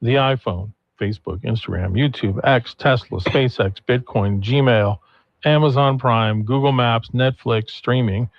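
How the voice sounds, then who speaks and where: A man's voice: mid-range voice, unhurried, no echo. Male radio host, easy chat, muffled broadcast audio. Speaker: radio talk show host.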